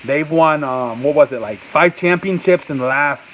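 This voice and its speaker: A man's voice: fairly high pitch, normal speed, a bit bright, a little hiss or hum. Rambling man talking sports, muffled. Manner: rambling, repeats himself, restarts often; answers off-mic chat and reads live comments. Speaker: sports talk show host. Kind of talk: casual sports chat.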